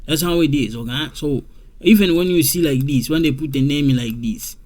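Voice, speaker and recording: A man whose first language is French, teaching a language lesson and repeating each point slowly with many okays. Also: on the high side, a little mellow. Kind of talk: slow explanatory lesson.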